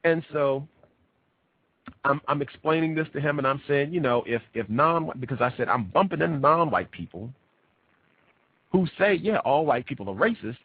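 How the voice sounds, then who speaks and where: A radio host, worn out after a long week, talks with a husky edge and swings widely in pitch as he makes his points. He presses ideas home by repeating them. The sound is tinny and phone-like, with no room echo. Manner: lively, emphatic, repeats himself for effect. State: tired. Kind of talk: animated talk at a conference. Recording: tinny phone-like dry recording.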